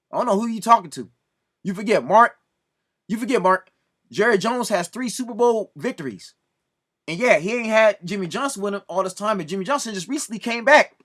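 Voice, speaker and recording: High-voiced man scolding preachily. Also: fairly bright tone. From Southern California. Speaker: video commentator. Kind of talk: ranting commentary to camera.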